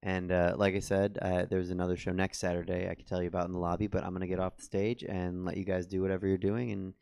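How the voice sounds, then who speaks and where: A man's voice: deep voice, little pitch movement, fast talker, creaky, darkish tone, clear, resonant tone, dry recording, studio quality. A man hosting a comedy show and wrapping it up, loose and hesitant with many "uh"s. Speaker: show host.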